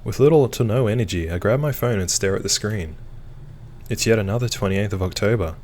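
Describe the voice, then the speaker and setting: A man's voice: fairly low pitch, a little fast, a little mellow, a little hiss or hum. A young man reading a visual novel aloud and adding easygoing asides. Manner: easygoing asides between narration. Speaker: game reader and let's player.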